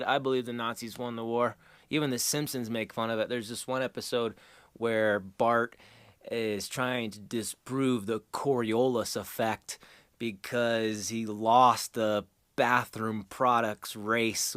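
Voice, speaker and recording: A man's voice: mid-range voice, unhurried, a bit bright, smooth, no echo. A man from the United States hosting a rambling, casual monologue. He chuckles as he goes and drifts into crude asides. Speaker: host.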